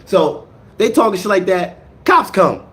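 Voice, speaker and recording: A man with a slightly higher voice tells a rough story in casual, slangy talk. He drops to low mutters for asides, then bursts out loud on the action. He stutters and repeats words as the story runs away with him. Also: unhurried. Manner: animated, jumps from low mutters to loud outbursts.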